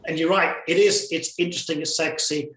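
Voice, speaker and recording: Recorded in an echoey room, this UK man with a British accent is a guest videographer in casual conversation, speaking animatedly and repeating words while thinking. He sounds fairly high-pitched, brisk, steady in tone, and a bit bright.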